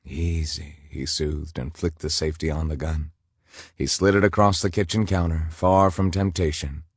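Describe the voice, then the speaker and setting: A man narrating a romance audiobook in a measured, intimate storytelling manner. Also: extremely low pitch, husky, no room sound, clean studio sound.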